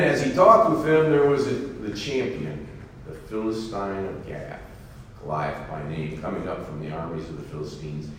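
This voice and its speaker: A man preaching, reading scripture aloud and then commenting on it in a folksy, animated way. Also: low-pitched, slight background noise. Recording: echoey hall from far off.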